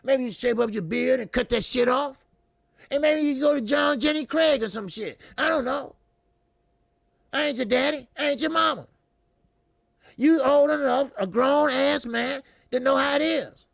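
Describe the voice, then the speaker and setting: A man with a high voice and a heavy gravelly fry rants about boxing as a channel host. He is profane, repeats himself, and mocks as he goes. The sound is dry and close. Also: moderate pace, a bit bright, dry recording. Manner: profane, repetitive, mocking, fiery. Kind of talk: heated commentary monologue.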